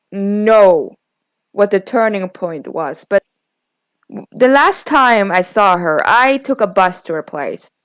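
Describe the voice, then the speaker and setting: A woman's voice: medium pitch, smooth, no echo, poor audio. A young woman co-hosting a podcast, candidly retelling a bad date and quoting the conversation. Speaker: podcast co-host. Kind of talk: casual storytelling.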